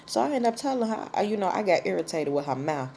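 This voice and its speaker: A woman's voice: mid-range voice, sing-song, fast, a little mellow, slight background noise. A woman vlogger telling a personal story in a blunt, profane, casual way.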